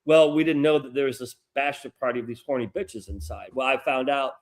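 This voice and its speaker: A middle-aged American man, a podcast co-host, telling a long story in a rambling, profane, animated way. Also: mid-range voice, fast talker. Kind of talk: casual storytelling chat.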